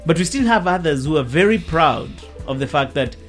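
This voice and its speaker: A man from Africa hosting a conversational discussion, speaking in a measured, reflective way. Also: a little high, lively intonation, soft background music. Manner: measured, reflective, uses quoted voices.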